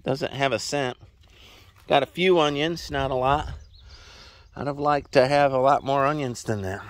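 A man's voice: fairly high pitch, expressive, a little slow, long pauses. A man casually vlogging outdoors on his ranch, rambling in a folksy way as he walks the land and chats to his horse. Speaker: farm vlogger. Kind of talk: casual walk-and-talk vlog. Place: outdoors on a ranch in a wet meadow.

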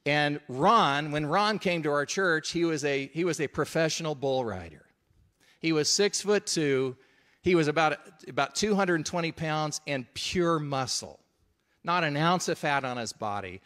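A man's voice: fairly high pitch, animated, a little slow, fairly bright tone. A middle-aged man preaching a sermon, telling a story in a conversational way and checking in with his listeners.

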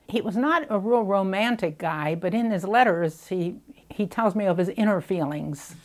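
An older woman recalls the past in a documentary interview. Her voice sits at a middling pitch, and she speaks haltingly, stumbling over and repeating words when she is moved. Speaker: widow recalling wartime letters.

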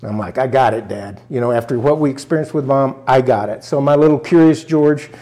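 A man's voice: medium pitch, brisk, mellow. An older man from rural Arkansas sits as an interview guest and tells a personal family story. He speaks earnestly and emotionally, and his voice catches as he goes. He acts out what his relatives said along the way.

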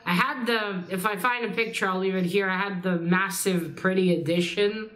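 A woman's voice: medium pitch, steady tone, normal speed, a bit bright. A young adult woman chatting casually in a reading vlog, rambling and swearing lightly, with a slight cold. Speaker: book vlogger.

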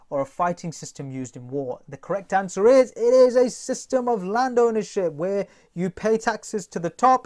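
Lively male test-prep teacher. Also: a little high. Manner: lively, jokey, addresses class directly. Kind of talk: recorded test-prep lesson.

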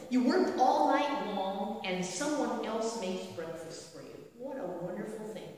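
Slow, echoey woman preaching. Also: medium pitch. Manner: storytelling with frequent rhetorical questions. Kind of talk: sermon. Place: church sanctuary. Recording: echoey hall from a distant mic.

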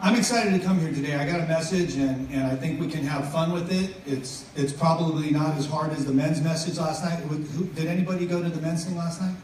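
A man's voice: fairly high pitch, fairly even intonation, a little fast, few pauses, darkish tone. A middle-aged man giving a casual, joking sermon as a guest speaker, chatty and self-interrupting. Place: church venue. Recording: echoey hall from far off, faint noise.

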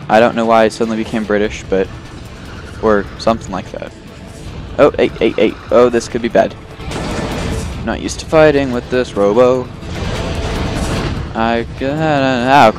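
A man talking through a video game in a casual, rambling way, full of fillers and self-deprecating jokes. His pitch sits in an ordinary middle range. Faint game music plays underneath. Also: moderate pace, pauses often. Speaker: let's play host. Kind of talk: casual gameplay commentary.

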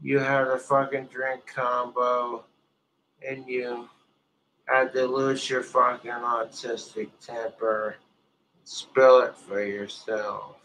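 A live streamer swearing and shouting at objects in fits of rage, muttering bitterly between outbursts. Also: male voice, medium pitch, little pitch movement, takes it slowly, a little hiss or hum. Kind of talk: angry solo rant on stream.

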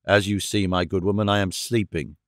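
A man voicing a rough, worn-out vagrant who answers harshly and angrily in a storybook reading. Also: sits low, steady tone, fairly quick, dry recording, clean studio sound, voice pushed down, natural voice. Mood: gruff. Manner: harsh, curt replies.

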